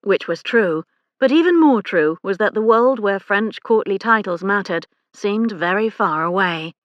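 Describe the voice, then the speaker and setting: A woman reading a historical romance novel aloud as an audiobook narrator, in a measured, even storytelling manner. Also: medium pitch, dry recording, muffled recording. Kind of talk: scripted narration.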